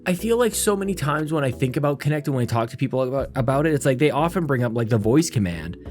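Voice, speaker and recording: An adult, married podcast host chats casually while sick, short of breath from a cough, in a rambling, self-deprecating yet upbeat way. His medium-pitched voice is expressive, fast, and darkish, with soft music in the background.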